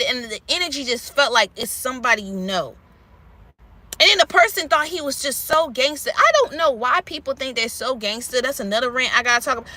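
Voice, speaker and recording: A woman's voice: sits high, pushed and bright. A woman vlogger ranting candidly and rambling to camera, swearing freely. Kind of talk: unscripted rant to camera.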